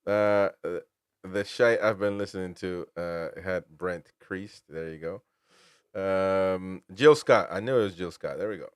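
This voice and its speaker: A man's voice: low voice, unhurried, clear, resonant tone, no room sound, studio quality. A man hosting casual football talk, rambling with restarts and throwing in "man". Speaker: host.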